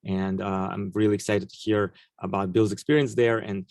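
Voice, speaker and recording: Gravelly, hesitant male host. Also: fairly low pitch, level tone, moderate pace, a little mellow, no echo. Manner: hesitant, many fillers. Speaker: event host introducing a guest. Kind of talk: live event introduction.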